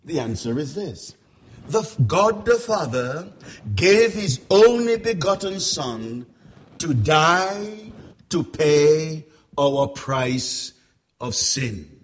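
A man preaching a sermon with a dramatic, repetitive cadence, dropping to hushed tones and building to shouted peaks. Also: big pitch swings, takes it slowly, highs cut off. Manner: dramatic, swinging from hushed lows to shouted climaxes.

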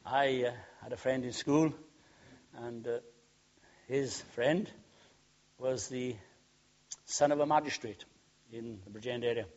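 A man preaching a sermon, swinging between loud emphatic peaks and quiet, humorous storytelling asides. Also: medium pitch, slow pace, long pauses. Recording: dull lo-fi sound.

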